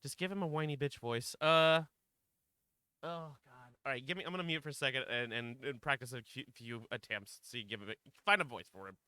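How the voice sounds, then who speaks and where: A man's voice: medium pitch, fairly quick, pushed and bright, clear, resonant tone, no room sound. A man streaming a game live, chatting casually, swearing and laughing as he fumbles for character voices.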